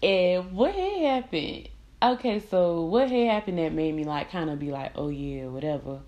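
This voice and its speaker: Candid, profane young woman podcaster, low voice. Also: moderate pace, muffled recording, a little hiss or hum. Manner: candid, profane, animated storytelling with quoted voices. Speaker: podcast host. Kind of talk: casual storytelling monologue.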